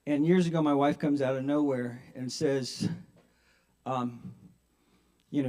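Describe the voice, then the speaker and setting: An older man doing a self-mocking stand-up set at an open mic, shifting between mumbled asides and loud punchlines. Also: medium pitch, flat delivery, a little slow, long pauses. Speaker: stand-up comedian. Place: open mic at a kava bar.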